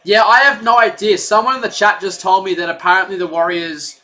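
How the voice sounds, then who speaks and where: A man's voice: high-pitched, steady tone, a little fast, bright, forceful tone. A man giving casual, rambling live play-by-play commentary on a stream, chatty and full of fillers. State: out of breath.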